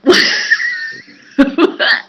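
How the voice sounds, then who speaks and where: A woman co-hosting a casual live stream over a video call, chatty and halting. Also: extremely high pitch, wildly swooping pitch, bright, forceful tone, dull audio, a little hiss or hum. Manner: chatty, halting, with fillers and laughs. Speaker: co-host.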